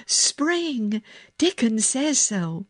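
Woman doing an excited little girl, high and breathless, storybook reading, dry close sound. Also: slow, dry recording. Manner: breathless, eager exclamations. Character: eager young girl, bossy and excited.

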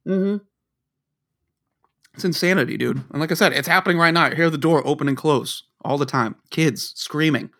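A man's voice: a little high, brisk, hardly any pauses, bright, forceful tone. A man telling a story in casual chat, rambling and swearing, stumbling over his words and restarting often. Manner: rambling, profane, stammers and restarts.

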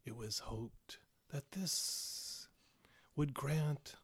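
A man's voice: mid-range voice, drawn-out words, slightly rough, heavily acted. A man voicing the ghost of an ancient embalmed chamberlain in a ghastly whisper, as whispered role-play. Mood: ghostly solemn.

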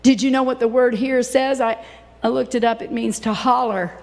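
A woman delivers a fervent sermon in a church. Her voice sits on the high side, and it rings with a long reverb through the hall. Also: fairly even intonation, normal speed, a little mellow. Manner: impassioned, dramatic, acts out quoted voices. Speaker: preacher.

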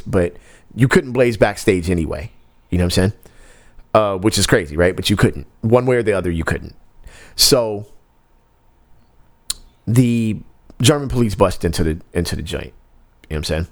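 A man's voice: sits low, normal speed, long pauses, no echo. A young man co-hosting a casual podcast, telling a story in a laid-back, slangy way and laughing often. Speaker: podcast co-host.

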